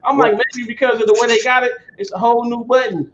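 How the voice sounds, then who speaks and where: High-voiced man telling a laughing story. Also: quick pace. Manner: animated storyteller, laughs a lot. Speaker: host. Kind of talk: casual livestream chat. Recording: dull lo-fi stream audio with faint noise.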